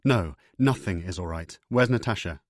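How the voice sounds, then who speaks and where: Male narrator as a desperate father, low voice, urgent and clipped. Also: expressive, moderate pace, dry recording, studio quality.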